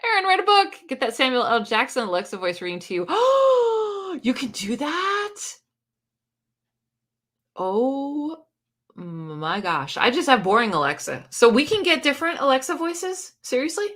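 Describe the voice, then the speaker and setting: A woman with a bright, forceful voice hosting a relaxed livestream. She chats loosely, laughs a lot and answers viewer comments as they come in. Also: high voice, normal speed. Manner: chatty, laughs often, reads viewer comments aloud. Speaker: book channel host. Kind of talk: casual livestream chat.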